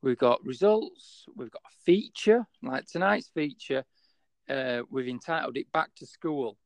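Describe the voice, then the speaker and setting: A man's voice: medium pitch, animated, unhurried, creaky, no room sound. A man with a Yorkshire accent co-hosting a casual podcast, rambling and hesitant with many fillers. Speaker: podcast co-host.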